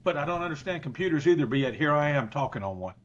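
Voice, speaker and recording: Folksy Southern football coach. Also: male voice, on the high side, expressive, fast talker, highs cut off. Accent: Southern American. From Southern United States. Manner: folksy and self-deprecating. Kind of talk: casual podcast chat.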